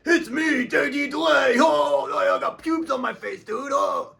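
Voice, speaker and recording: A man's voice: medium pitch, very slow, warm tone, recorded from a distance. A man putting on the voice of a corny, showy young male online influencer, in a mocking, exaggerated greeting.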